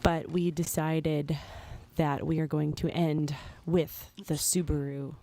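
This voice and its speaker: A woman with a notably low voice co-hosting a relaxed live stream. She talks about her music in a chatty, rambling way, restarting her sentences often. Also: slow. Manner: chatty, with frequent restarts and fillers. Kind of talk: casual chat.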